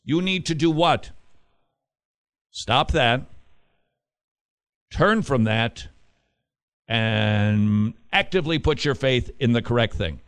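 A man hosting a casual Christian radio talk show, chatting quickly and then driving his points home with emphatic, repeated exhortations. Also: medium pitch, smooth. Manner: lively, emphatic, rising to forceful exhortation; quick, chatty asides with restarts and laughs.

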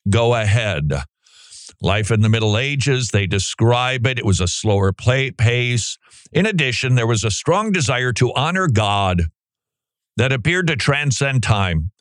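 A man's voice: mid-range voice, lively intonation, unhurried, fairly bright tone, no echo, clean studio sound. A man giving sarcastic commentary, now and then mimicking a teacher.

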